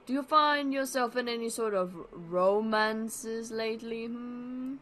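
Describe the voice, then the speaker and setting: A woman's voice: on the high side, slow, a bit bright, a little hiss or hum. A woman playing a chipper talk show interviewer. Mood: cheery. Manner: upbeat scripted hosting.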